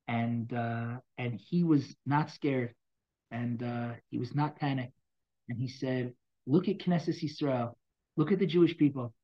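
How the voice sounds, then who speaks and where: A man teaching a Bible class, reading verses aloud and explaining them in a dramatic, animated way, from loud bursts to quiet asides. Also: mid-range voice, highs cut off. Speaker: Torah teacher.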